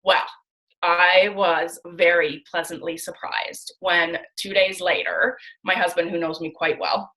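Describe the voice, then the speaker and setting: Bright, chatty woman on a video call. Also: lowish voice, unhurried, poor audio. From Canada. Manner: chatty, animated, acts out quoted dialogue. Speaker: guest speaker on a training call. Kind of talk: casual storytelling on a video call.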